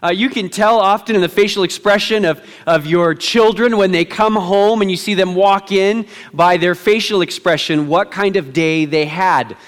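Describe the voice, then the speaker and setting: High-voiced pastor in a reverberant hall. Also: male voice. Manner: conversational, self-deprecating humor; hushed, slow prayer. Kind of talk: sermon. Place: church sanctuary.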